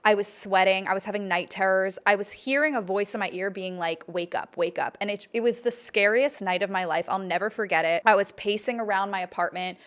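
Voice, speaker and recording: A woman's voice: mid-range voice, brisk, few pauses, fairly bright tone. A young adult woman hosting a podcast, telling a personal story in a candid, emphatic way and swearing freely. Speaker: podcast host.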